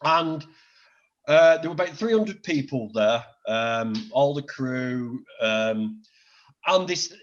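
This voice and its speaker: A man's voice: mid-range voice, slow pace, muffled recording. Blunt middle-aged Northern English man. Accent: Northern English, Greater Manchester. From Northern England. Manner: blunt, sweary, animated anecdotes. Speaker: podcast guest. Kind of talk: casual chat, storytelling.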